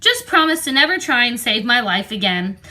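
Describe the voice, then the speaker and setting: A woman reading aloud, voicing a friendly twelve-year-old boy wizard in a brisk, matter-of-fact way, close to her own voice. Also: a little high, very animated, sharp tone. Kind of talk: storybook reading.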